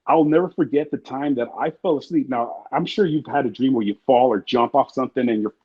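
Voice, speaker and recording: An interview guest with a husky, mid-range voice rushes through casual stories, rambling, cursing, and acting out the people involved. The audio is somewhat muffled and lo-fi, like a modest interview setup.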